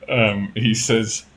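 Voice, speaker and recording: A man narrating as game master in a tabletop game, easygoing and often laughing, with halting narration. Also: medium pitch, fairly bright tone, husky, rough recording.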